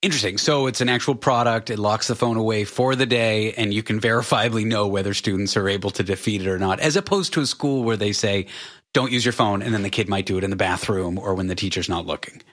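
A man's voice: on the low side, fast, hardly any pauses, fairly bright tone. A man hosting an interview, asking curious questions with a light touch of sarcasm. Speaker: host. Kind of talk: conversational interview.

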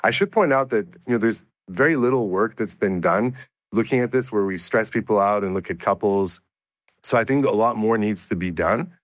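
A man answering interview questions as a researcher, explaining his study in a measured way with frequent restarts. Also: fairly low pitch, dry recording. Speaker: researcher guest.

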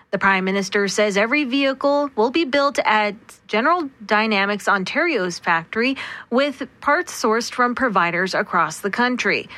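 A woman newscaster reading the midday news bulletin in a crisp, even way. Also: medium pitch, no echo. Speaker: radio newscaster. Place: radio studio.

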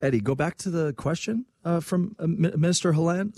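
A man from Quebec giving casual political commentary on his own program, animated and sarcastic. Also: a little high, dry recording. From Quebec, Canada. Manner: animated, sarcastic, quick asides.

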